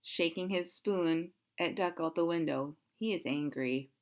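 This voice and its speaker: A woman reading a picture book aloud to children, animated and interactive, asking questions about the pictures. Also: lowish voice, a little slow.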